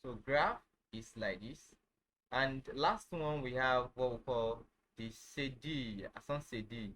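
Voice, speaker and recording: A man teaching a casual online lesson, halting, with many fillers, who says each phrase over and over. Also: medium pitch, pushed and bright, slight background noise, low-quality recording. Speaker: language teacher.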